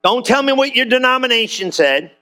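A man's voice: very high-pitched, expressive, brisk, sharp tone. A man preaching a sermon to a church congregation, throwing questions back at the crowd. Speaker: pastor.

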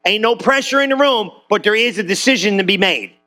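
High, bright-voiced preacher man. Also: lively intonation, fairly quick, soft background music. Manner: preaching with call-and-response questions to the congregation. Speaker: pastor. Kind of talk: sermon.

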